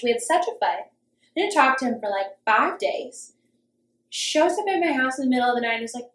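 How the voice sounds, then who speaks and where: A woman's voice: sits high, animated, quick pace, a bit bright. A young woman telling a story in casual chat, acting out quotes and swearing freely. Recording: roomy echo.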